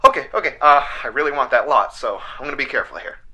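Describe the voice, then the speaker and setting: A man voicing an eager, excitable male contestant calling in to a radio show in a comedy sketch. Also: mid-range voice, quick pace, breathy edge, lo-fi sound, exaggerated voice.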